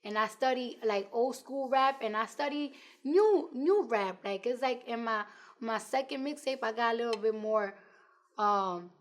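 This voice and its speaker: Brief: twenties New York woman rapper, slightly high voice, blunt and profane, animated storyteller. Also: unhurried. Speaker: rapper, interview guest. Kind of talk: casual interview chat.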